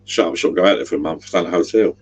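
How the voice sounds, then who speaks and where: A middle-aged man hosts a casual livestream, rambling and chatting and giving directions along the way. He has a deep, breathy voice and talks in rapid-fire bursts.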